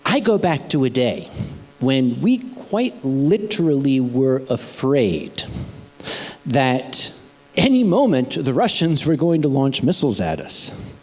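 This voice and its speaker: An older man, telling a comic story live to an audience, animated and expressive, with dry sarcastic asides. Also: mid-range voice, takes it slowly, long reverb tail. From United States. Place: convention hall stage.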